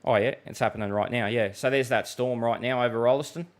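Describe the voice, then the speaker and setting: Rambling Australian weather livestream host. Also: male voice, mid-range voice, steady tone, fast talker. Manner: loose, rambling, with many fillers and restarts. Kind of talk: casual live chat reading viewer comments.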